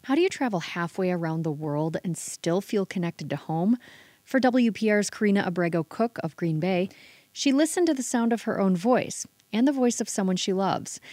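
A woman radio producer presents a segment in a clear, measured announcing voice. Her pitch sits in the middle. She reads her script evenly. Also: a little mellow, no echo.

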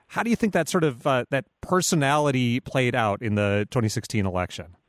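A man's voice: mid-range voice, brisk, no echo. Male talk show host, dry studio sound. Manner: conversational, with filler and restarts while framing questions. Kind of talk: radio interview.

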